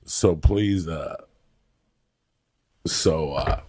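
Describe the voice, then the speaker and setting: His voice rumbles low and a little mellow, and he talks extremely slowly. He's a Cuban-American comedian in his fifties on a podcast, delivering brash, cursing comic stories and impersonating the people involved.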